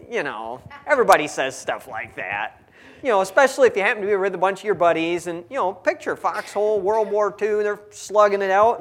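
A man giving a conversational Bible teaching, reading scripture and adding folksy asides. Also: sits high. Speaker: preacher.

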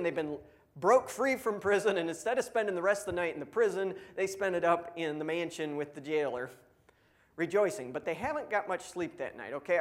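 A young man preaching a sermon, telling stories in an animated way and acting out the people he quotes. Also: a little high. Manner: animated storytelling, acts out quotes. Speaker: pastor.

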